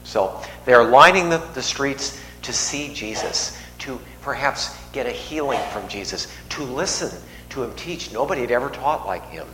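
A man delivers a relaxed, conversational sermon, with asides and jokes aimed at the congregation. His voice sits at a middle pitch and carries through a large, echoing hall with faint noise behind it. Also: normal speed, few pauses. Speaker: preacher. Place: church.

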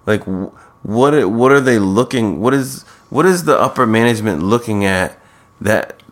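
Man, low voice, casual podcast chat, halting with lots of restarts. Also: expressive. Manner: hesitant, with frequent restarts and "like". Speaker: podcast co-host. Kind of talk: casual chat recapping a TV show.

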